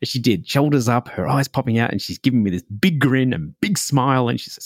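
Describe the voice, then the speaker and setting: A man hosting a podcast, telling a personal story in a relaxed, reflective way, full of "like" and "you know". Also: mid-range voice, brisk, breathy edge, no echo, studio quality. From Australia. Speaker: podcast host.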